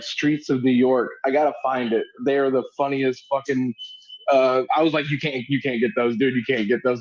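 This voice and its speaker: A man's voice: mid-range voice, darkish tone, dry recording, poor audio. A man telling a story in casual chat, amused and swearing casually.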